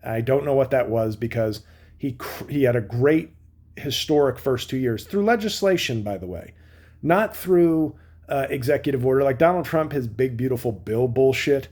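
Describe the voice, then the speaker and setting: A man, a comedian, delivering a sarcastic political commentary rant with mocking asides and animated bursts of emphasis. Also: mid-range voice, normal speed.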